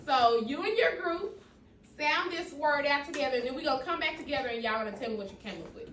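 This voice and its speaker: A woman's voice: high voice, expressive, fast talker. A woman teaching children a phonics lesson in a classroom. She is encouraging, calls on students by name and repeats their answers back to them. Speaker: elementary school teacher. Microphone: far from the mic. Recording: echoey, distant and noisy classroom recording.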